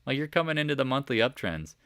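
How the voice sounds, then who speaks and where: Man, low voice, dry close sound, live chart commentary, animated, quizzing viewers. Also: normal speed, no echo. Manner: animated, talks to chat viewers, rhetorical questions. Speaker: market commentary host.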